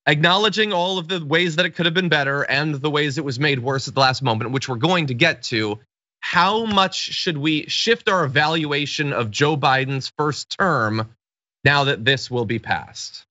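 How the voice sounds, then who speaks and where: A man's voice: on the high side, moderate pace, bright, forceful tone, no room sound, dull audio. A man hosting a political news commentary show, reading through points with wry, sarcastic asides.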